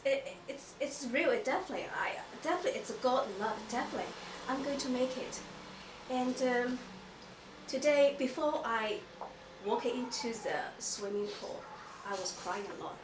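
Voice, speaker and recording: A woman giving an emotional personal testimony at a church gathering, halting and full of restarts. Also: high-pitched. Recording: echoey room, mic far off, noisy.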